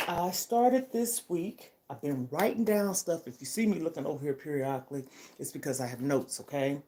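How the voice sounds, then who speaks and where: A woman's voice: low voice, moderate pace, mellow, a little hiss or hum. An older woman talking to her vlog audience in a heartfelt, emphatic way, often checking in with her listeners. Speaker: vlogger. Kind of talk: casual personal vlog chat.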